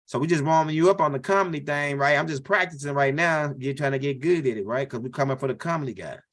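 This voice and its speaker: A high-pitched man from tells a loose, rambling stand-up story. He circles back, repeats lines and keeps asking "right?" as he talks. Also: fast, fairly bright tone. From Louisiana. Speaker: comedian.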